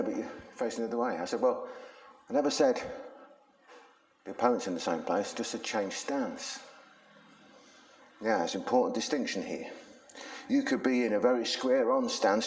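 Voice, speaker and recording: A man explains punches in a chatty, slangy way, telling stories as he demonstrates. His voice sits fairly low. The sound bounces around an echoey training room with a punching bag. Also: sing-song, moderate pace. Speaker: self-defense instructor. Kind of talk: casual instructional talk with demonstration.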